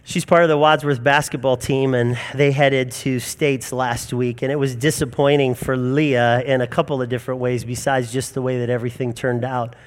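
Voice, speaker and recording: A man's voice: mid-range voice, little pitch movement, normal speed, few pauses. A man in his forties preaching a sermon in an earnest, emphatic storytelling manner. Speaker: pastor.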